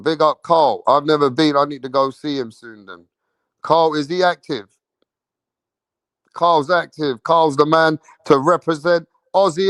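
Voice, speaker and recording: A slightly high, somewhat bright male voice with a measured pace and no echo belongs to a boxing livestream host with a London English accent. Brash and slangy, he swears, repeats himself, and poses questions to his chat, pausing for their answers.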